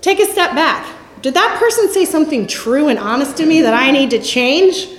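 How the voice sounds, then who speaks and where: High-voiced woman, echoey room. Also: expressive, normal speed. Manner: conversational, storytelling, often trails off softly. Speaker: speaker giving a faith-based talk. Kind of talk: candid Christian teaching talk.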